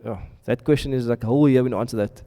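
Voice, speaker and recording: A man's voice: mid-range voice, quick pace, dark tone. A man teaching a classroom lesson, often stopping to ask his students questions and check they are following. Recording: reverberant hall sound.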